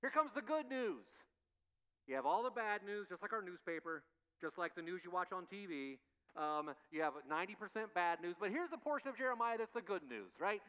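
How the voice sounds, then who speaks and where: High, bright-voiced man preaching. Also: expressive, a little fast. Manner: conversational, repeats rhetorical questions. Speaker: pastor. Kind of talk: sermon. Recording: long reverb of a large hall.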